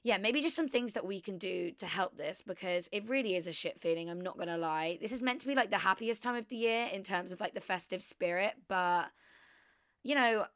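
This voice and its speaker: Chatty young woman, smooth dry voice. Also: mid-range voice, brisk, a bit bright, no room sound. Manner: rambling, chatty, heavy use of "like". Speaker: podcast host. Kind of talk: casual confessional chat.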